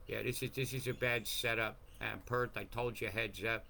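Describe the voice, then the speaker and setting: Man, rambling weather host, profane and excitable, bright forceful voice, faint room ambience behind. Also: fairly low pitch, normal speed, creaky, a little hiss or hum. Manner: profane, excitable, jumps between topics. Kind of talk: rambling livestream commentary.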